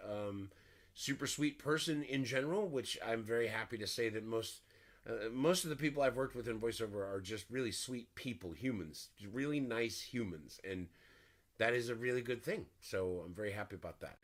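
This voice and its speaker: A man, a voice actor, answering interview questions in a warm, rambling, reminiscing way. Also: mid-range voice, moderate pace.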